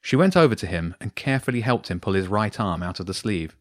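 A man reading his own bedtime story aloud to two boys, with a lively, expressive delivery. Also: on the low side, fast talker, no echo, studio quality.

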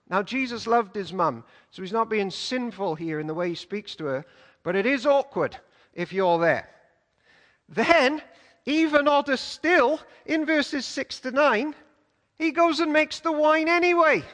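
A man preaching a sermon in a church, in an animated, conversational storytelling way. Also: high voice, measured pace. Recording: echoey church hall.

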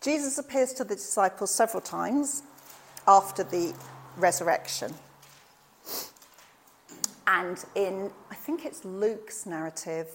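This woman delivers a sermon at medium pitch, narrating with energy and performing the voices of the people in the story.

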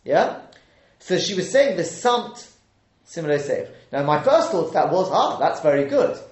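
Animated male Torah teacher, roomy sound. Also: fairly high pitch, measured pace. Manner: lively, dramatizes quoted speakers, frequent self-corrections. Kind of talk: live Torah study lecture. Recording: roomy echo.

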